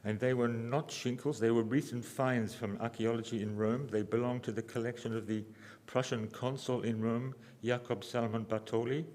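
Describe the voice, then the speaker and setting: A man giving a symposium lecture, halting and restarting often, with dry humor. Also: medium pitch, fairly even intonation, a little mellow, in a large hall. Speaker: lecturer, architect. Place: lecture hall.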